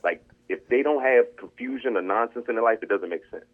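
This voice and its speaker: Phone-in guest, man: quick, candid, tinny phone sound. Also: on the low side, lively intonation. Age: older. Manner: candid, repeats words while thinking. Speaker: caller. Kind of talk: casual chat.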